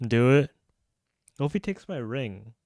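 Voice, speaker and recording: A very animated young man with a medium-pitched, slightly mellow voice chats at a measured pace while playing on a live stream, rambling through restarts and slang. Clean studio sound, no echo, studio mic with pop filter.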